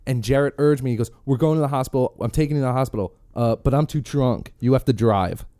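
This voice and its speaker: A man's voice: mid-range voice, fast, mellow, no echo. A young man chatting casually, laid-back and making dry remarks. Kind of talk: casual chat.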